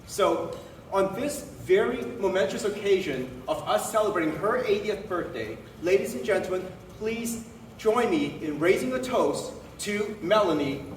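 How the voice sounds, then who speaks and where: A man tells a heartfelt story and raises a toast, his pitch moving a lot. The sound is echoey and distant, with faint noise. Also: animated, moderate pace. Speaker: guest speaker. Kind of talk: birthday toast speech. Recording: echoey hall from far off.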